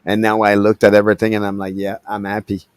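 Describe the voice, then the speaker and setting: A man's voice: lowish voice, monotone, quick pace, clean tone, no room sound. A man from Quebec chatting casually on a video call, rambling with stammering restarts. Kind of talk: casual group chat over a call.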